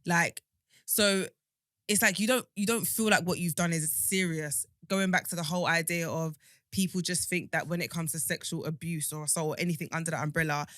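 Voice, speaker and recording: A woman's voice: lowish voice, steady tone, brisk, a bit bright, no room sound, studio quality. A woman, co-hosting a podcast in casual chat, talking emphatically with many restarts. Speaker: podcast co-host.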